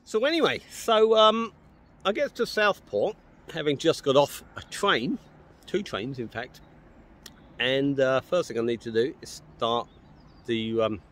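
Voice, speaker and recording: A man in the middle of his pitch range telling a funny travel story. He rambles, repeats himself, and keeps stumbling into "I said" while retelling a conversation. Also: a bit bright. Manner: rambling, repeats himself, lots of "I said" and stammered restarts. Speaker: vlogger telling a cycling trip story. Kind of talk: casual spoken anecdote.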